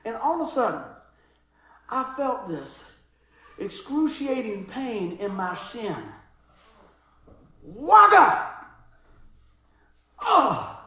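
A middle-aged male pastor with a high voice tells a comic story from the pulpit, laughing as he goes and then sinking into hushed asides. His voice carries through a roomy, echoing hall. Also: measured pace, pauses often, a little hiss or hum. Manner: animated, laughing storyteller who drops to quiet asides. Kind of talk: sermon with humorous storytelling.

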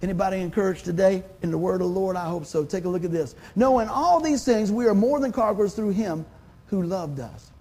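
A middle-aged man preaching a sermon as pastor, talking to the congregation in a conversational, animated way with sudden loud exclamations. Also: high voice, a little fast, slightly rough.

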